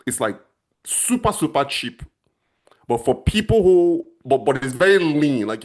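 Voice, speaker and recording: A middle-aged man chats on a livestream in a loose, rambling way. He talks straight to his viewers at an everyday pitch. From Nigeria. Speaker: channel host answering viewers. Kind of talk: casual livestream chat.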